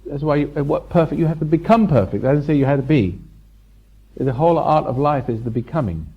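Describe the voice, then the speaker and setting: A seminar speaker with a husky, rather high voice talks fast through a live spiritual lecture in a hotel function room. He rambles, repeats himself, chuckles, and teases the audience, captured on a dull lo-fi 1990s seminar tape.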